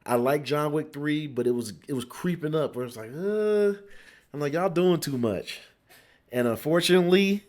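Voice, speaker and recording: A man's voice: fairly high pitch, a little mellow. A young man from Cincinnati reviewing a movie in a casual, rambling way, repeating words and acting out his friends' lines.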